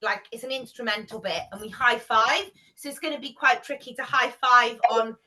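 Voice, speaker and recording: A woman's voice: fairly high pitch, steady tone, normal speed, bright, forceful tone, distant mic, poor audio. A woman leading an online camp training on a video call, bubbly and encouraging as she leads the singing and dancing.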